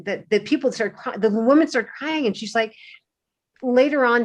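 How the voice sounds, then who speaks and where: A woman speaking on a video call panel, telling a personal story in a halting way with many restarts and fillers. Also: mid-range voice.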